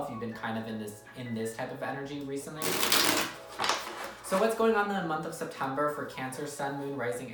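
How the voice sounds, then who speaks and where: Very low-voiced woman giving a casual tarot reading. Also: fairly bright tone. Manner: chatty, repetitive, keeps checking in with "okay?". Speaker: tarot reader. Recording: echoey room, mic at a distance.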